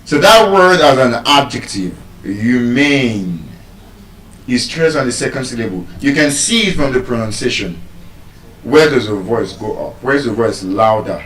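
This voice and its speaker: A man giving a pronunciation lesson, speaking slowly and deliberately, pausing and repeating words for emphasis. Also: medium pitch, animated, fairly bright tone. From Nigeria. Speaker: teacher giving a pronunciation lecture. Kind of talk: classroom lecture, explaining and spelling out words. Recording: roomy echo, voice from a distance.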